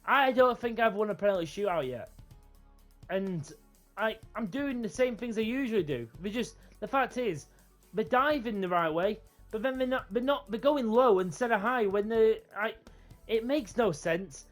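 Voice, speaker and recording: A man commentating his own football video game with loud, excitable reactions, then rambling through his thoughts with lots of restarts. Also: sits high, moderate pace, soft background music. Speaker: gaming YouTuber. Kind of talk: live gameplay commentary and wrap-up chat.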